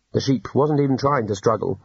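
A man reading an audiobook in a dry, unhurried storytelling manner. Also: mid-range voice, husky, dry recording, muffled recording. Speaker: narrator. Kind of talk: audiobook narration.

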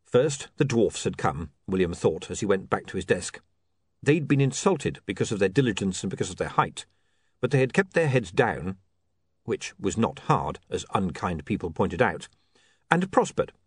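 A man narrating an audiobook in a wry, measured storytelling manner. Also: on the low side, husky, dry recording, studio quality. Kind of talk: scripted narration.

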